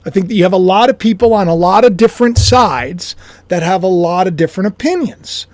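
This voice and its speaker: High-voiced man musing on camera. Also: lively intonation, fairly quick, darkish tone, dry recording. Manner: rambling, self-deprecating, chuckling. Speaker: YouTuber and author. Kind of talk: casual speculative monologue.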